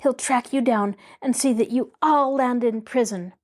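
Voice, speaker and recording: A woman's voice: a little high, moderate pace, pitched above the performer's own voice, lightly acted. Woman narrator doing a gutsy young girl detective, fierce and urgent, storybook reading. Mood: furious. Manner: fierce, pleading. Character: spirited young woman detective, defiant captive.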